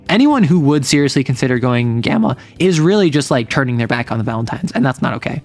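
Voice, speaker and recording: A man's voice: medium pitch, sing-song, quick pace, few pauses, a little mellow, soft background music. A man speaking as a game master, casually recapping his tabletop campaign in a rambling way full of "like"s and restarts.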